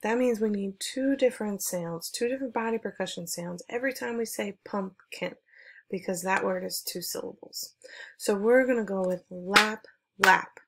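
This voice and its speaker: A woman music teacher giving an online lesson for children, speaking clearly and encouragingly as she leads call-and-response chants. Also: medium pitch, moderate pace, fairly bright tone.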